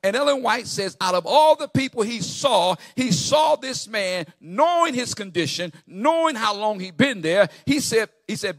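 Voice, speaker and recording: A male preacher giving a rhythmic sermon, with a sing-song delivery that builds to shouts. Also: high-pitched, animated, moderate pace, few pauses, no room sound, clean studio sound.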